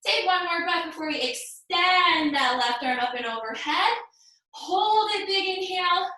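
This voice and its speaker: A woman's voice: very high-pitched, expressive, measured pace, bright, forceful tone, heavy reverb, recorded from a distance, rough recording. A woman teaching a live yoga class, cueing poses in an upbeat way, sometimes half-singing, and a bit out of breath. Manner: upbeat cueing, sings some cues, laughs at herself. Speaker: yoga instructor. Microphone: laptop mic over a hotspot.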